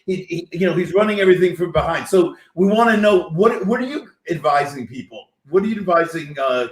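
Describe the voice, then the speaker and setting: A man's voice: high-pitched, expressive, a little fast. A man hosting a casual interview, asking long, stumbling, rambling questions with frequent restarts. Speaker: host. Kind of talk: casual video-call interview. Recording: roomy echo.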